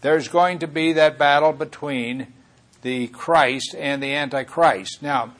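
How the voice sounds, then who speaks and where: A man's voice: fairly high pitch, slow, a bit bright. A man preaching a Bible teaching sermon, earnest and rambling, often correcting himself mid-thought.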